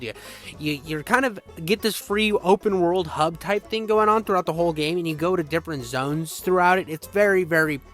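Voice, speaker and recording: A young man giving an excitable, crude, slang-filled game retrospective in casual rambling style. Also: high voice. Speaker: game reviewer.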